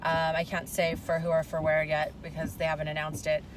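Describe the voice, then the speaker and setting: A woman's voice: deep voice, monotone, fairly quick. Woman host talking candid in her car, swears a lot, road noise behind. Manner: frank, profane, chatty storyteller. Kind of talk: casual chat in a car. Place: inside a car driving in a city.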